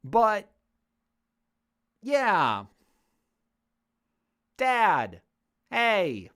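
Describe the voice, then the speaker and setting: A woman speaking straight to camera, answering viewer questions in a loose, conversational way. Her pitch moves a great deal from line to line. She grows heated as she talks and swears freely. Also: huge pitch swings, drawn-out words, fairly bright tone. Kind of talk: casual Q&A monologue.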